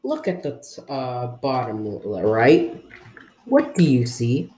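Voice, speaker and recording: Young male gamer, casual rambling commentary, slow delivery, put-on unplaced accent for laughs. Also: mid-range voice, huge pitch swings, dark tone. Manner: rambling, jokey, talks to viewers while playing. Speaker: gaming video creator.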